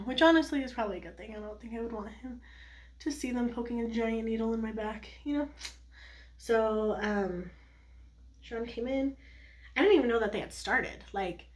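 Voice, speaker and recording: A young woman chatting to her camera, telling a personal story in a loose, rambling way. She peppers her talk with "like" and quick laughs, at an ordinary mid pitch for a woman. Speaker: vlogger. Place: at home doing makeup.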